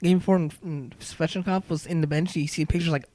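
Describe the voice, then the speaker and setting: A man co-hosting a casual sports podcast, animated and acting out quotes as he talks. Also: on the high side, fairly quick. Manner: animated, acts out quotes, trails off and restarts. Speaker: podcast co-host.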